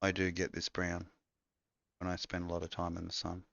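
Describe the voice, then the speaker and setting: A man's voice: sits low, monotone, moderate pace, gravelly, a bit bright, no room sound. A man chatting casually as co-host, rambling and crude in a laid-back way, on a dull lo-fi recording. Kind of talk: casual chat. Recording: dull lo-fi dry sound.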